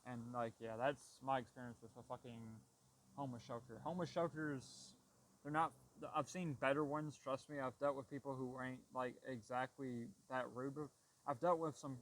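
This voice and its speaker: Young male vlogger, profane venting monologue, loose rambling delivery, mid pitch. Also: fairly bright tone, a little hiss or hum, low-quality recording. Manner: heavy swearing, frustrated, rambling with restarts. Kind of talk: casual storytelling rant.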